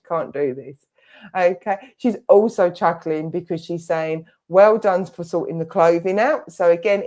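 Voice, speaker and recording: A woman's voice: on the low side, darkish tone. A middle-aged woman giving a clairvoyant reading as a spiritualist medium, chatty and full of quoted asides. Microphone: online service stream.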